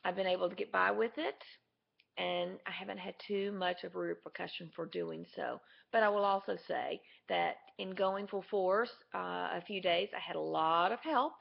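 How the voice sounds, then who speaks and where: Woman with a heavily gravelly fry. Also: on the low side, normal speed. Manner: candid and chatty. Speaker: vlogger. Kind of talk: casual video diary to camera. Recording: dull lo-fi camera audio.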